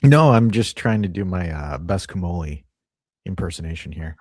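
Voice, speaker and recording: A man's voice: deep voice, expressive, normal speed, darkish tone, dry recording, clean studio sound. A man co-hosting a casual live-stream chat, blunt and lecturing, who swears freely. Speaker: co-host.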